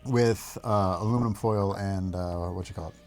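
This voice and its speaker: A man's voice: low-pitched, moderate pace, darkish tone, soft background music. A man in his thirties hosting a livestream, telling family stories in a laid-back way with frequent chuckles. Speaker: livestream host. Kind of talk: casual storytelling on a livestream.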